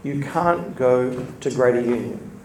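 Gravelly man preaching in an echoey hall. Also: medium pitch, a little slow, slight background noise. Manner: chatty, laughs between points, lively storytelling. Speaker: church speaker. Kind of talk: informal sermon with storytelling. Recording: echoey room, mic from a distance, faint ambience.

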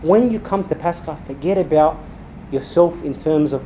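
A man's voice: a little high, normal speed, dark tone, a little hiss or hum, poor audio. A man preaching a sermon as a priest, emphatic and building through repeated rhetorical lists.

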